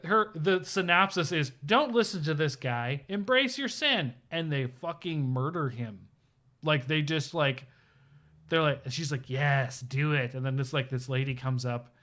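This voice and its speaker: A man chats casually on a live stream, telling a game story in a bright, forward voice. He is loose and full of fillers, and he switches into quick quoted voices. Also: mid-range voice. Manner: animated storyteller, acts out quotes, many fillers. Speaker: podcast co-host. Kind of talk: casual chat about video games.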